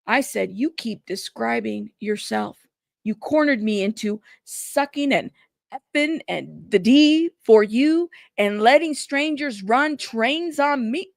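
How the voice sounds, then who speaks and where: A woman with a slightly high voice hosts a news channel, reading court transcripts aloud. She stops often for sassy, chatty commentary. The sound is dry and close, with no room echo. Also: expressive, takes it slowly, creaky.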